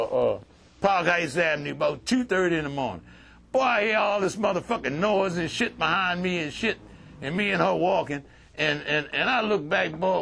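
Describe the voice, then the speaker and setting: Here an older man with a fairly high-pitched voice and some vocal fry addresses a recovery group. He works in relapse prevention, and his storytelling is profane, streetwise, and animated, full of laughter.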